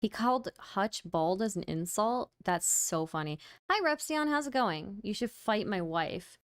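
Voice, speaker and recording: A woman livestream host chats casually with her viewers, tired and wry, often laughing at what she says. Her voice is smooth and clear. The sound is dry and close. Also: mid-range voice, lively intonation, measured pace, no echo. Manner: reads out and thanks viewer donations. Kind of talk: casual stream chat.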